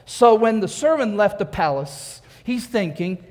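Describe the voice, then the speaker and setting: Guy preaching a sermon, high pitched, repeats his main line over and over, church reverb. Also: lively intonation, measured pace, darkish tone. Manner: emphatic, repeats key phrases, rhetorical questions. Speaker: pastor.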